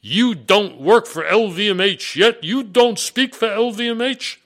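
A man's voice: sits high, a little slow, voice pushed up. A man voicing a refined French woman executive who is screaming in fury. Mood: furious. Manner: shouting, indignant.

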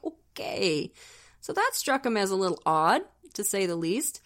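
A woman's voice: medium pitch, sing-song, moderate pace, a bit bright. A woman co-hosting a true-crime podcast, telling the story in a casual, chatty way with wry asides. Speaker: podcast co-host.

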